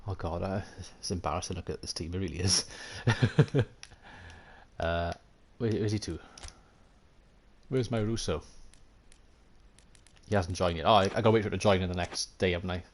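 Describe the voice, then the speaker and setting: A man's voice: low voice, moderate pace, long pauses, a little hiss or hum. A Welsh man thinking aloud and chatting with viewers while live-streaming a football management game, self-mocking and casual. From Wales. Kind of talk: live gameplay commentary.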